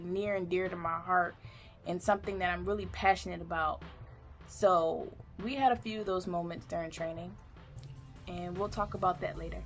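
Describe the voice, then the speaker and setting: This thirties-aged female vlogger speaks in a medium pitch with a fairly bright tone. She tells a heartfelt, candid story from her own life, growing tearful at moments.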